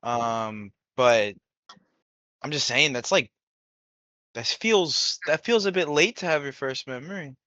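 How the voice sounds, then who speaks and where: A man's voice: medium pitch, expressive, slow pace, pauses often, bright, forceful tone, no room sound. A young man in casual chat as a podcast co-host, teasing and questioning the others. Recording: dry, dull lo-fi sound.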